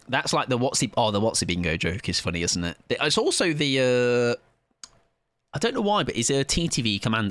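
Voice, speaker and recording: A man's voice: fairly low pitch, fairly bright tone, no echo. Joking man streaming a game. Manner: joking, rambling, self-mocking. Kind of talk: live gaming stream chat.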